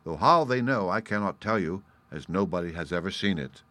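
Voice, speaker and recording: A man reading a folk tale aloud as an audiobook narrator, in a measured, expressive storytelling manner. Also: sits low, no room sound. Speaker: audiobook reader.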